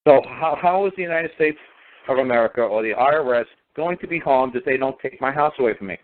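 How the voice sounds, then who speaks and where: A man's voice: medium pitch, quick pace, slight background noise. A man talking in a casual radio conversation, emphatic and sarcastic, repeating his points over and over. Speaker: guest speaker on law. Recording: tinny phone line.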